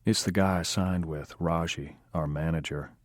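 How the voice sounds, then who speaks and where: A man's voice: sits low, steady tone, normal speed, no room sound, studio quality, natural voice. A man reading the lines of a blunt young woman nightclub singer in an audiobook, matter-of-fact and cynical. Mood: wry. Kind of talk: audiobook dialogue.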